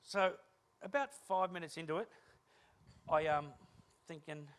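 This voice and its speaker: A man's voice: on the high side, measured pace, pauses often, a bit bright. A man giving a humorous keynote talk on stage, telling self-deprecating anecdotes and acting out the dialogue. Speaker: keynote speaker.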